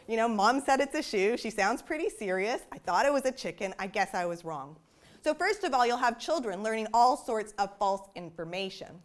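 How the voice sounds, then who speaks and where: A woman with a fairly high voice gives a public science talk about her research. She explains things conversationally and often drops in "you know" asides, like a researcher chatting with an audience. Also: fairly bright tone. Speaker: developmental psychologist giving a talk.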